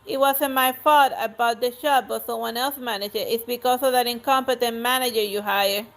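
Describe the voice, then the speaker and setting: A woman's voice: fairly high pitch, steady tone, normal speed, a bit bright. A woman reading out the lines of a haughty, greedy noblewoman in a game, with imperious insults. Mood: scornful. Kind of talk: reading game dialogue aloud.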